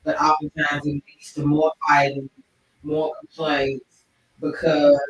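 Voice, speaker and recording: A woman hosting a casual livestream chat show, telling stories in an animated, expressive way. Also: sits low, slow, a little hiss or hum. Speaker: talk show host. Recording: echoey room, distant mic.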